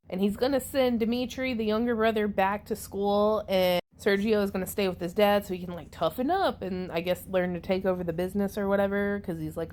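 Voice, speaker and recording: A woman's voice: medium pitch, darkish tone. A woman giving a casual, sarcastic spoiler recap of a movie, chatty and swearing freely with many asides. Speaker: movie reviewer.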